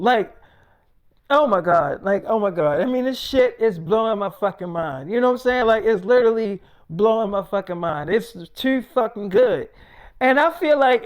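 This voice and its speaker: A man voicing a brash online fan who rants in excited, profane bursts and keeps repeating the praise, higher and louder than his own voice. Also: smooth. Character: hyped fan reviewing a show online, brash and loud.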